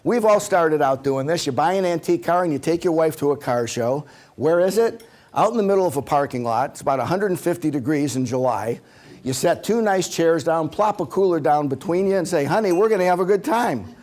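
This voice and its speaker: A man presenting a seminar to a live audience, a joking storyteller who slips into acted quotes. His voice sits a bit higher than most men's. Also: expressive, brisk, a little mellow. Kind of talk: humorous seminar talk.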